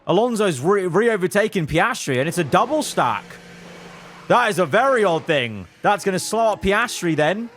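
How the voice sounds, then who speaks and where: A young man giving live commentary over his own racing management gameplay. He talks to his drivers as he plays, swinging from low muttering to loud outbursts. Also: sing-song, normal speed, a little hiss or hum. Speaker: gaming video creator.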